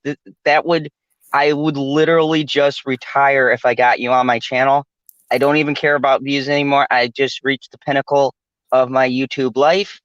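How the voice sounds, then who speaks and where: A man's voice: medium pitch, flat delivery, normal speed, a bit bright, clear, resonant tone, no echo. Man hosting a casual chat, dull dry recording. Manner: laughs often, rambling with fillers. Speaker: channel host.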